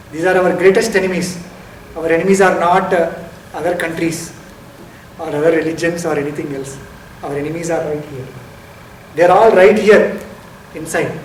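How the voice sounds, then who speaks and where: A man giving a spiritual lecture as a meditation teacher, explaining step by step, asking rhetorical questions and stressing key words. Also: fairly high pitch. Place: lecture hall. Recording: roomy hall, distant mic, faint noise.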